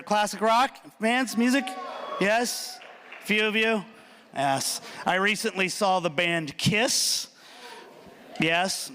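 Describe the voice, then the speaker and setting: A man performing a stand-up comedy routine, animated and punchy, talking straight to the audience with quick asides. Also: high-pitched, clean tone. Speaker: student speaker. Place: large hall.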